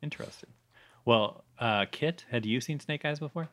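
A man's voice: mid-range voice, moderate pace, a bit bright, a little hiss or hum. A man co-hosting a podcast, chatting casually and enthusiastically, rambling with fillers as he goes. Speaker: podcast co-host. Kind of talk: casual chat.

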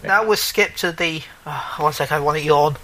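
A man's voice: a little high, moderate pace, noisy background. A man co-hosting a casual gaming chat show, rambling, correcting himself mid-sentence and joking as he goes. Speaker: podcast co-host.

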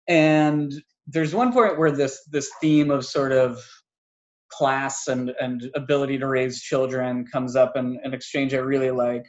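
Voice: mid-range voice, darkish tone, highs cut off. A podcast co-host in a casual film review chat, rambling with lots of filler words and frequent laughs.

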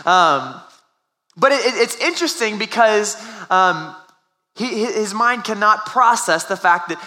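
A man's voice: high voice, lively intonation, fairly quick, sharp tone. A young adult man preaching a sermon as pastor, telling a family story in a conversational way with restarts.

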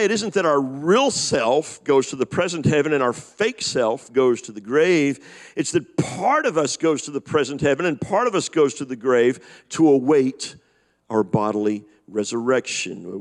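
A man preaching a sermon, reading scripture and slowing down on key phrases for emphasis. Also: a little high. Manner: animated preaching, slows for emphasis. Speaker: pastor.

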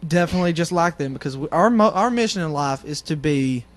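A man's voice: a little high, expressive, fast talker, dry recording. A man co-hosting a casual comedic radio show, rambling through self-deprecating stories.

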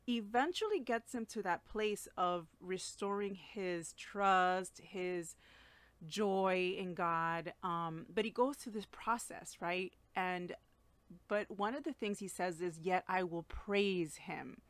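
A woman's voice: medium pitch, fairly bright tone, dry recording. A woman giving a casual, earnest devotional talk as a Christian teacher, speaking personally with many fillers and restarts.

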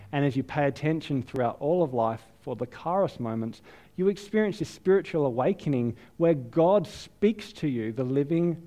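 An Australian man preaching a sermon, telling a self-deprecating story in a lively, chatty way. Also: medium pitch. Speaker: pastor. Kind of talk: sermon with personal anecdote.

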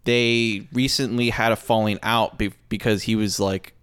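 A man's voice: on the low side, flat delivery, moderate pace, a bit bright, clear, resonant tone, no room sound. A man co-hosting a podcast in casual chat, rambling with lots of fillers. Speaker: podcast co-host.

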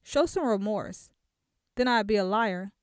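A woman voicing a cold, ruthless wealthy businessman who speaks calmly and without remorse, in an audiobook. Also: medium pitch, a little slow, clean tone, no echo, studio quality, close to an everyday voice. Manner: calm, unapologetic. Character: cold ruthless wealthy male CEO husband.

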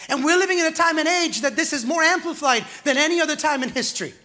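A male pastor delivers a sermon in a very high, forceful voice, expressive and fast. He alternately swells louder and drops quiet, calling out to the congregation along the way.

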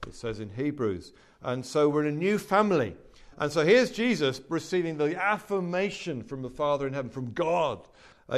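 A man's voice: on the high side, creaky. A man giving a conversational Bible teaching talk on a podcast, using rhetorical questions and emphatic asides.

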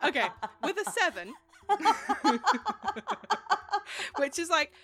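A woman's voice: sits high, big pitch swings, slow, a crowd in the background. A woman running a tabletop game as game master, laughing often as she narrates.

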